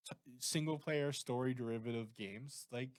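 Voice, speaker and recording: This Canadian podcast co-host keeps the chat loose, wandering off on tangents with lots of animation. He talks at a moderate pace with a medium-pitched voice, and the studio-quality recording has no echo.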